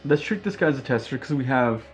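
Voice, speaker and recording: A man co-hosting a do-it-yourself prop build, calmly talking through the steps in a relaxed, casual way. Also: medium pitch, fast talker. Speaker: co-host of a DIY prop-making channel. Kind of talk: casual chat while crafting. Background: background music.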